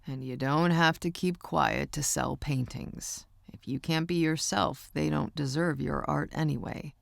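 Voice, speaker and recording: Low-voiced, soft-spoken uncle for an audiobook, a woman reading him, gravelly and dry. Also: fairly even intonation, measured pace, no echo, exaggerated voice. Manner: low, hushed and comforting. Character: gruff gentle uncle, older man, soft-spoken. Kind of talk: audiobook character voice.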